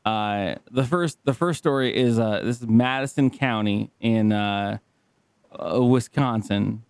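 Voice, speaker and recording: A man co-hosting a podcast in casual banter, excitable, laughing often and swearing freely. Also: lowish voice, a little slow, clean tone, no room sound. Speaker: podcast co-host.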